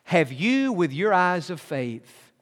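High-voiced male preacher in a reverberant hall. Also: very animated. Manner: swings from loud preaching to hushed, slow prayer. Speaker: pastor. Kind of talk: sermon with guided prayer.

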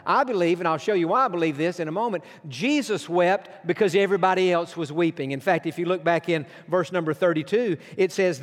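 Man, pastor, earnest emphatic sermon, slow dramatic pauses, high voice, long hall reverb.

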